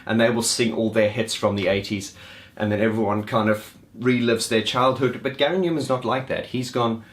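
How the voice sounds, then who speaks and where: A man's voice: lowish voice, steady tone, moderate pace. Enthusiastic man reviewing gigs. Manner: enthusiastic, rambling with restarts and laughs. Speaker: music vlogger reviewing gigs. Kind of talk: casual spoken gig review.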